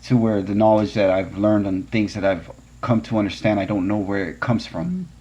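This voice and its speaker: A man's voice: lowish voice, moderate pace, warm tone, husky. A man hosting a podcast, telling a personal story in an earnest, conversational way. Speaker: podcast host.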